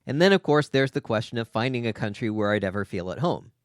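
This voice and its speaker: A man's voice: medium pitch, animated, fast talker, no room sound. Man from the US, articulate, curious questions, dry close sound. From United States. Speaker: host. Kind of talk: casual discussion.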